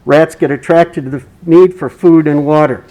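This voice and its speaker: A man giving public comment at a city meeting, reading quoted passages in a measured, formal way. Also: a little high, fairly even intonation, dark tone, low-quality recording. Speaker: resident speaking at public comment.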